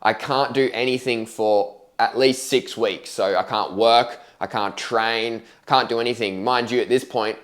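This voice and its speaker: A man's voice: mid-range voice, steady tone, a little slow, few pauses, a bit bright. A young man casually telling his own story to camera, candid and slangy, swearing freely and acting out his past reactions.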